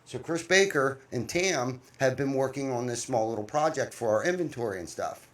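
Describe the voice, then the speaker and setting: A man hosting a casual podcast, telling workplace stories in a blunt, animated way with some swearing. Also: mid-range voice, normal speed. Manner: animated storyteller, blunt and profane. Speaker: podcast host, business owner. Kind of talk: casual chat.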